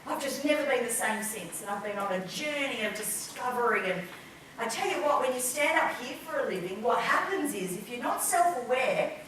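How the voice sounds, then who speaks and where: A middle-aged woman giving a lively conference presentation, acting out examples for the audience. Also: a little high, moderate pace, a little hiss or hum. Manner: lively, acts out examples in quoted voices. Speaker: conference speaker. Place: conference hall. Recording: echoey hall from a distance.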